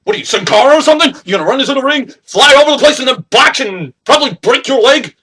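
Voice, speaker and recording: A man's voice: very high-pitched, lively intonation, fast talker, sharp tone, slightly rough. A young man cutting a boastful, taunting wrestling promo, trash-talking his rivals.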